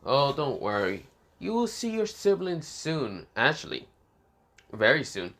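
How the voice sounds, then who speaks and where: A man voicing a sinister, smug young male demon lord who drawls his words slowly and mockingly. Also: medium pitch, huge pitch swings, fairly bright tone, voice pushed up, exaggerated voice. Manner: slow, drawn-out mocking delivery.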